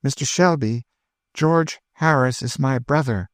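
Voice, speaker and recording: A man's voice: fairly high pitch, animated, normal speed, a little mellow, dry recording, voice pushed up, natural voice. Man doing eager, emotional lady traveller, raised voice, dry read. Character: grieving freed woman seeking her brother.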